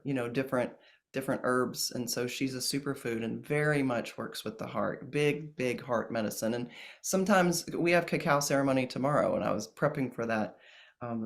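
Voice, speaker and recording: A man speaking as a guest in a casual interview about ceremonies, gentle and earnest, with many pauses and restarts. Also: medium pitch. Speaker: plant medicine ceremonialist guest.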